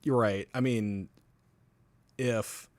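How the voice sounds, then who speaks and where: A man's voice: mid-range voice, steady tone, extremely slow, darkish tone, no room sound. A man chatting casually on a podcast about a possible haunting, talking loosely and swearing freely. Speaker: co-host.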